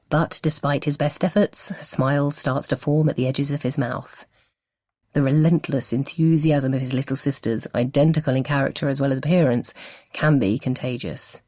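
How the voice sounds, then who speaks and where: A woman narrating a novel as an audiobook, with expressive storytelling. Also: extremely low pitch, normal speed, no echo, clean studio sound.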